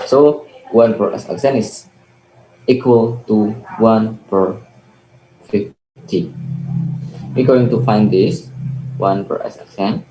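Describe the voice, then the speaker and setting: A man's voice: fairly low pitch, takes it slowly, long pauses, mellow. A young man with an Indonesian accent, not a native English speaker, working through a physics problem on a video call, hesitant and often correcting himself. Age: young adult. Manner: hesitant, frequent "okay" and self-corrections. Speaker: student presenter. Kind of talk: explaining physics calculations. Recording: echoey room with faint noise.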